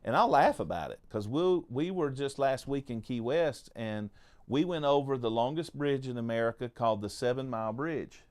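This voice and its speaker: A man's voice: medium pitch, lively intonation, moderate pace, darkish tone. A man hosting a faith podcast, chatting casually and telling jokey, folksy stories with frequent restarts. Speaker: podcast host.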